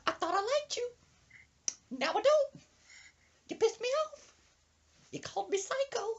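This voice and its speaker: A feisty old woman with a shrill, piercing falsetto that swoops up into shrieks, as a male storyteller puts her on. She is hot-tempered and drags out her threats. The audio is dull and lo-fi, like a home podcast recording. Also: sing-song, unhurried, heavily acted. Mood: scolding.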